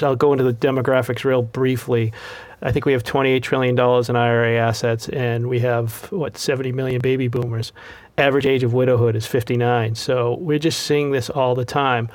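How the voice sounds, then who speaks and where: A man's voice: medium pitch, no room sound. A middle-aged man with a Massachusetts accent, a financial advisor explaining things in a chatty way as a guest on a show. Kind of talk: casual interview talk.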